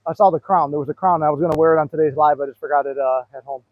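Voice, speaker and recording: His slightly high voice races along with fairly even intonation, and there's no room sound. He's a manifestation coach on a casual live talk, walking and out of breath, telling rambling stories laced with fillers, all in dry, phone-like tinny audio.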